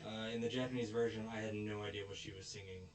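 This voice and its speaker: A podcast co-host with a lowish voice talks fast while casually recapping a show episode, voicing the characters with animated lines as he retells scenes. A crowd can be heard behind him, and the distant mic picks up a roomy echo.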